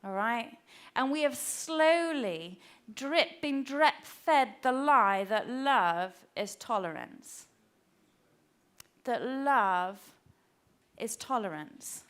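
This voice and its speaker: A high-pitched woman is preaching in church, earnest and conversational in manner. She often gives voice to the people she quotes, sometimes sinking to a hushed delivery.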